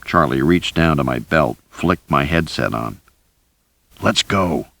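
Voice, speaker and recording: A man reading a thriller audiobook in first person, with a steady, deep delivery. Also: normal speed, vocal fry, dry recording. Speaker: audiobook narrator. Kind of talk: scripted first-person narration.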